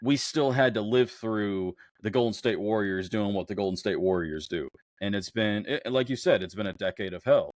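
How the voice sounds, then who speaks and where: A man's voice: lowish voice, moderate pace, few pauses, no room sound, clean studio sound. A man co-hosting a casual sports podcast, ranting heatedly and cursing freely about his home team's rivals. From Houston area. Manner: heated, profane, animated rants. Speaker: podcast co-host.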